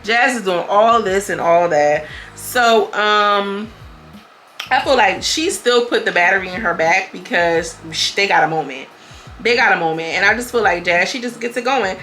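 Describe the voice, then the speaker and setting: Blunt, animated woman with a bright voice. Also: mid-range voice, moderate pace, soft background music. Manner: animated, blunt and profane, jumps into quoted voices. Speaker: reality TV reviewer. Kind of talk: casual review commentary.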